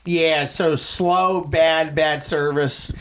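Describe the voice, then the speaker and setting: A man's voice: on the high side, steady tone, drawn-out words, fairly bright tone. A young man co-hosting a podcast in casual chat, prodding his friend with questions. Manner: prodding, keeps asking questions. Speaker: podcast co-host.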